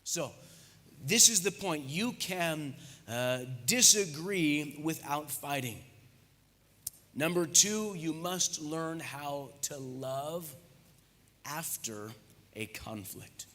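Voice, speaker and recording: A man preaching a sermon on marriage, lively and conversational, with frequent jokes and asides. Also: fairly high pitch, drawn-out words. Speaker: pastor. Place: church hall. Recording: echoey church hall reverb.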